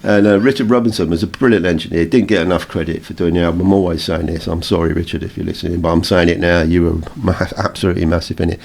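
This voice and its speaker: A man with an English accent, co-hosting a radio show and telling anecdotes in a casual, animated way with frequent laughs. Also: deep voice, fast talker, gravelly, few pauses. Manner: storytelling, animated, laughs often. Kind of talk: casual reminiscing chat.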